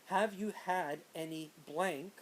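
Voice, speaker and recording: A man's voice: sits high, slow pace, slight background noise, pitched above the performer's own voice. A man voicing a brash, over-friendly male priest in his thirties who talks crudely. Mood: leering.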